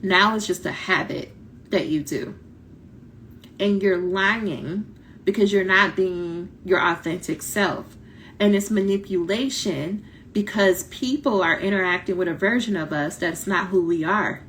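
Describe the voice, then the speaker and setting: A woman coaching doctoral students in a casual live talk, blunt and lively, acting out quoted voices, her voice starting to tire. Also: medium pitch, slight background noise. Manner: animated, blunt, talks directly to viewers, acts out quoted voices. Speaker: dissertation coach.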